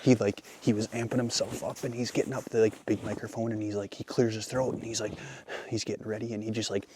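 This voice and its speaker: A man's voice: on the low side, little pitch movement, quick pace, noisy background. A man co-hosting a casual podcast from a boat on a marsh, telling rambling stories in a laid-back way. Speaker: podcast co-host. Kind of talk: casual chat.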